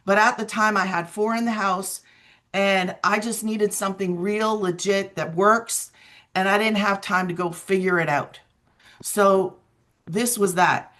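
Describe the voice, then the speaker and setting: An earnest woman in her forties tells her own story over a video call. She talks in an animated way and repeats her key points for emphasis. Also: mid-range voice, unhurried. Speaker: guest sharing a testimonial. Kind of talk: emotional personal testimonial.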